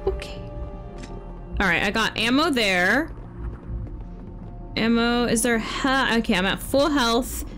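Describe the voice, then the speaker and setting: A young woman giving playful, animated commentary while playing a game. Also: a little high, slow, long pauses. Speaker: gaming streamer. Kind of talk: casual let's-play commentary. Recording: game music and sound behind.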